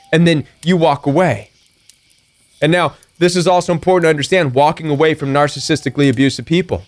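A man's voice: a little high, fairly even intonation, fast talker. A middle-aged man giving a preachy, emphatic motivational talk as a coach, acting out defiant retorts. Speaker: recovery coach.

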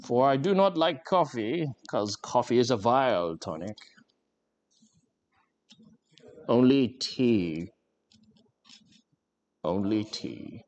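A man's voice: fairly low pitch, expressive, measured pace, a little mellow. A man putting on a prim, haughty posh voice as an impression of a tea-loving viewer.

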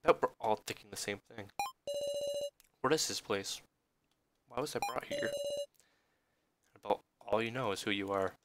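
A man voicing a calm grown man who takes charge of a group, talking low, hushed and measured while reading a visual novel aloud. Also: very noisy, close to an everyday voice. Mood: steady.

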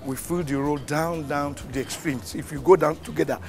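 A man's voice: a little high, fairly even intonation, brisk, gravelly, a little mellow, faint music behind. A man giving a conversational on-site briefing, recounting roadwork done in his community. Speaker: community development official.

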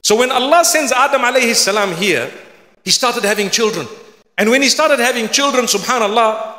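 A man preaching a sermon in an earnest, pleading manner that builds to fervent near-shouts. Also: very high voice, lively intonation, brisk. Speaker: Islamic preacher. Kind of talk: lecture-style sermon. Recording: echoey hall with long reverb.

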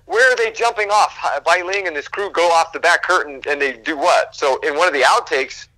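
A man, a guest actor, telling animated stories from film sets in a casual interview and acting out quotes, swearing freely. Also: fairly high pitch, a little fast, no room sound, poor audio.

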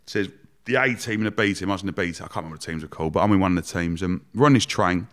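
A young man telling a story in a casual interview, animated and swearing, acting out the people he quotes. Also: low voice, rapid-fire. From Romford, England. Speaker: guest entrepreneur.

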